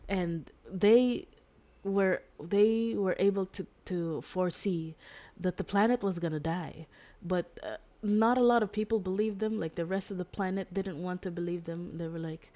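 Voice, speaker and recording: Rambling woman streamer with a low voice. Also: moderate pace, mellow. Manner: rambling, filler-heavy, self-correcting. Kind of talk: casual chat retelling a story.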